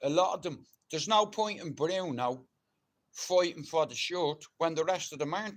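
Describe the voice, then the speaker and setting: A middle-aged Irish man chatting on a live stream, rough-spoken and swearing heavily, and loud and ranting once he gets fired up. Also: on the high side, normal speed. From Ireland. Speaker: livestreamer. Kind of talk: casual live-stream chat.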